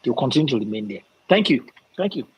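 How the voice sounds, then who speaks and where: A man's voice: mid-range voice, very animated, fast, low-quality recording. A Nigerian man from the southwest making an impassioned political argument, emphatic and repetitive. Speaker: discussion participant.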